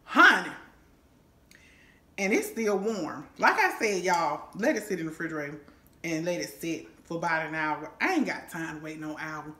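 A woman's voice: sits low, animated, moderate pace, fairly bright tone. A woman hosting a home cooking vlog in her kitchen, folksy and exclaiming, calling her viewers honey and baby. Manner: exclaims and hums over the food. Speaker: cooking show host.

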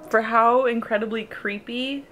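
A woman's voice: fairly high pitch, fairly even intonation, a little slow, fairly bright tone, soft background music. A young woman talking casually in a reading vlog, emotional and rambling, full of "like" and nervous laughs. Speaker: book vlogger.

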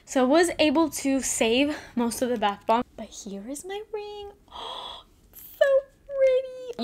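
A young woman in a casual unboxing vlog, gushing and excited, with lots of "like" fillers. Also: high-pitched. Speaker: beauty vlogger.

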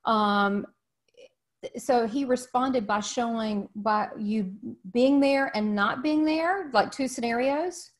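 A woman's voice: a little high, slow pace. A woman hosting an interview, asking curious follow-up questions. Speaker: interviewer host.

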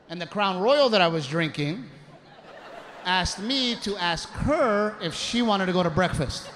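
On stage in front of a live crowd, this stand-up comedian tells animated stories in a high voice at a slightly slow pace. He shouts punchlines and does the voices of his characters. Audience laughter and loud crowd noise fill the live recording.

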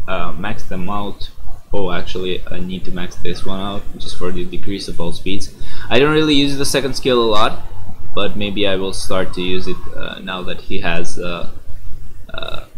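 Sleepy low-voiced man commenting on a game. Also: a bit bright, slight background noise, low-quality recording. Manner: rambling, many "uh" fillers and self-corrections. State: sleepy, yawning. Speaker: gaming YouTuber.

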